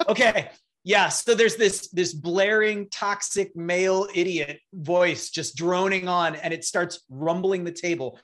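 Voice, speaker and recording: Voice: medium pitch, steady tone, measured pace, few pauses, fairly bright tone. A game master narrating a tabletop game, setting scenes in a playful, vivid way.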